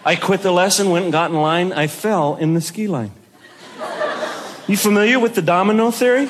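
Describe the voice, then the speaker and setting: A man performing a stand-up comedy routine, telling stories in an animated way with bursts of shouting. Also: sits high, normal speed. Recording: noisy recording.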